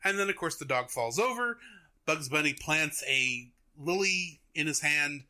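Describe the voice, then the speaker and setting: A young man hosting a podcast, retelling a cartoon in a chatty, animated way. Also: on the high side, measured pace. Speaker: podcast host. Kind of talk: casual chat, retelling a cartoon.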